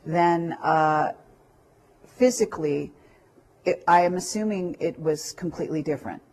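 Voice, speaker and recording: Low-voiced woman asking hesitant questions. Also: a little slow, a little mellow. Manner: tentative, circling phrasing with fillers. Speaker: interviewer. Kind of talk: interview questioning.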